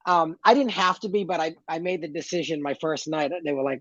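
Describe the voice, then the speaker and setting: A man in his fifties or older, a guest telling stories in a lively, camp way with big swings in pitch. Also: fast talker, creaky, few pauses, no room sound, muffled recording. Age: 50s or older. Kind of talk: casual chat.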